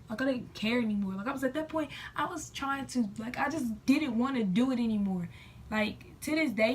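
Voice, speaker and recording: Young female vlogger, casual storytime delivery, slightly high voice, recorded a little off-mic. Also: recorded from a distance, a little hiss or hum. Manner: chatty, lots of "like", quoting herself and others.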